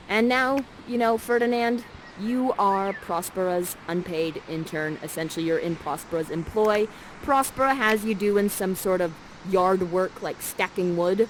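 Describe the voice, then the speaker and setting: A woman's voice: mid-range voice, a little slow, a little hiss or hum, rough recording. A woman playfully narrating and directing players through a live play, coaxing and jokey, on a headset mic. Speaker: immersive theater performer guiding players.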